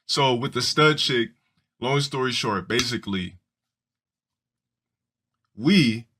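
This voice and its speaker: A man's voice: medium pitch, takes it slowly, a bit bright, slight background noise. A man streaming live and telling crude, rambling stories to his viewers, swearing and restarting often. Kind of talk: casual profane storytelling to a live audience.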